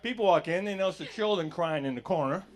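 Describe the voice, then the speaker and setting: A stand-up comedian, a man with a fairly high voice, works a theater crowd. He tells stories sarcastically and plays both sides of his arguments. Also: fast talker. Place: theater stage before a live audience.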